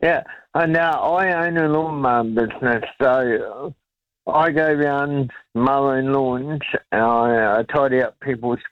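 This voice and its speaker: A New man calling into talkback, speaking slowly and rambling through an indignant complaint. His voice comes through dull and muffled, with a dry, close sound. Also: mid-range voice, dry recording. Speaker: radio caller. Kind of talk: phone-in chat.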